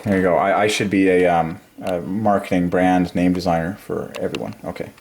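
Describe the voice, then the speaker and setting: A man hosting a religious channel, rambling through a numerology monologue, excitable and giggly, then dropping to low quiet mumbling while he counts. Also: a little fast, creaky, slight background noise. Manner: giggly, excitable, breaks into high laughs. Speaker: religious YouTube channel host.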